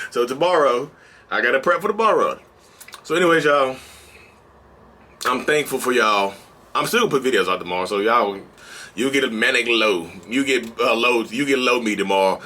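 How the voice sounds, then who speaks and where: Animated, bright-voiced male vlogger. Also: medium pitch, moderate pace, long pauses. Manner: animated, preachy, colloquial; energetic and bouncy. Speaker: mental health vlogger. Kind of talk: casual direct-to-camera vlog.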